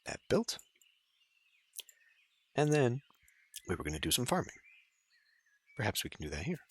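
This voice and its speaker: A man's voice: mid-range voice, very animated, normal speed, breathy edge. A man giving casual gameplay commentary as a let's play host, chatty and thinking aloud.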